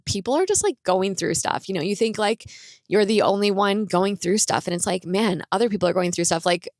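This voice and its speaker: A woman's voice: mid-range voice, animated, fairly quick, no echo, clean studio sound. A woman hosting her own podcast, telling a personal story in a chatty, rambling way with lots of "like". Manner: chatty, rambling, fills speech with "like". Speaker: podcast host.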